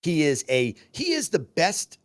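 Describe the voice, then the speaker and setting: A man's voice: on the high side, a little slow, no echo, studio quality. A man co-hosting a casual podcast chat, telling stories and acting out the voices of the people in them. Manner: animated storyteller, acts out quoted voices. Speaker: podcast co-host.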